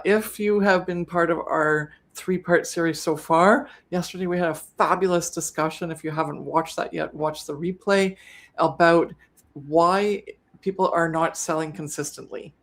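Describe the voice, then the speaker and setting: A woman hosts a live online business session in an easygoing, talkative way. Her voice sits a little low, and she often backtracks and rephrases as she goes. It sounds like she is recording from home. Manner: chatty, self-correcting, trips over words. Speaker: co-host of a live business webinar. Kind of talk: casual live-stream teaching.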